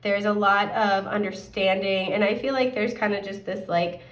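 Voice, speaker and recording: Woman tarot reader, chatty casual delivery, hoarse with throat clearing, mid-pitched, recorded in an echoey room. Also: moderate pace, hardly any pauses, distant mic. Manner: chatty, upbeat, rambling with fillers. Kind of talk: casual pick-a-card tarot reading.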